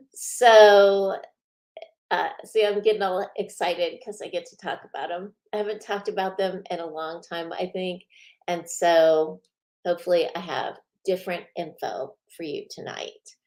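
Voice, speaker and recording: Chatty, unhurried woman hosting a spiritual show. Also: lowish voice, fairly even intonation, darkish tone. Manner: chatty, laughs often, many fillers. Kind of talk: casual live-stream chat.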